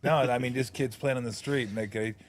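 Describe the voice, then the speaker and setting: A man's voice: medium pitch, steady tone, a little fast. Joking, profane male sports host. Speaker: radio show host, former player. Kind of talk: casual sports talk.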